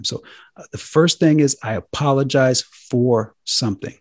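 A man hosting a talk show, speaking earnestly and with drawn-out emphasis. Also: mid-range voice, steady tone, dry recording, clean studio sound. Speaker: host.

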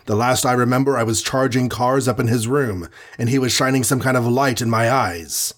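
A man voicing a giant, hot-tempered male superhero in a storybook reading, booming and roaring. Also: moderate pace, close to an everyday voice. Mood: puzzled.

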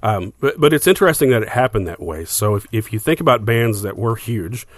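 Man, low voice, dry close sound, casual explainer, lots of "uh". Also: animated, a little fast, no echo. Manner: explanatory, filler-heavy, restarts. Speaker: podcast co-host. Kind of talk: casual music discussion.

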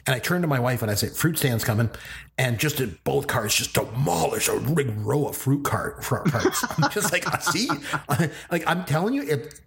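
A man co-hosting a movie podcast speaks in casual chat with a middle-pitched voice. His delivery is playful and lively, rising and falling freely and broken by frequent laughter. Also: normal speed, creaky. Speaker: podcast co-host.

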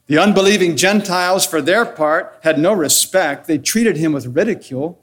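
A man delivering an earnest, measured sermon as pastor, counting off his points and posing rhetorical questions. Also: a little high.

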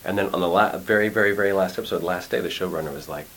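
Deep-voiced man telling acting stories. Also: rapid-fire, a little hiss or hum, low-quality recording. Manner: animated, acts out quotes, lots of restarts. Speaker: actor and acting teacher. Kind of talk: casual interview conversation. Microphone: studio mic.

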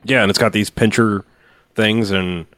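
A man's voice: lowish voice, steady tone, normal speed, fairly bright tone, dry recording. Guy joking around about a b-movie, lots of swearing, dry close mic. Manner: profane, laughing, joking. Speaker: podcast co-host. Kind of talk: casual movie review chat.

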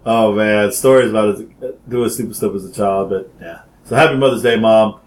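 A man telling childhood stories in casual chat, animated and laughing often as he acts out quotes. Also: on the low side, moderate pace. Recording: roomy echo.

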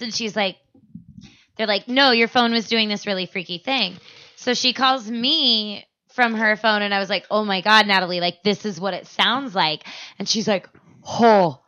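A young woman from Arizona co-hosts a comedy podcast, telling crude, laugh-filled stories. Her voice sits a little high and sounds bright and forceful. She acts out the people in her anecdotes as she goes. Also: normal speed, dull audio. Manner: crude, storytelling, laughs often, acts out quotes. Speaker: podcast co-host. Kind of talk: casual comedic chat.

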